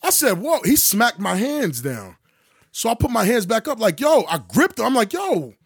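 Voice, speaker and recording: A man casually telling a story on a podcast, acting out voices with sudden jumps in pitch and plenty of profane slang. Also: moderate pace, creaky, breathy edge, no echo, clean studio sound. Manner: animated, acts out dialogue with big pitch jumps.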